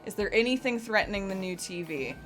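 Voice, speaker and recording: A woman hosting a livestreamed game playthrough, chatting casually and thinking out loud in an upbeat way. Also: medium pitch, lively intonation, brisk, soft background music. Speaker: stream host. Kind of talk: casual let's-play chat.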